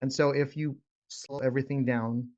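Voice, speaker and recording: A man's voice: medium pitch, little pitch movement, normal speed, a little mellow. Guy coaching sales on a call, rambly, keeps restarting words, bit muffled. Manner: rambling, repeats words, drops to whispers to demonstrate. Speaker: real estate trainer leading a call. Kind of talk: casual coaching talk.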